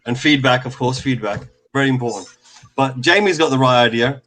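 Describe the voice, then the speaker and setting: A man hosting a casual fan call-in show, relaxed and rambling, with many fillers. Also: medium pitch, a little fast.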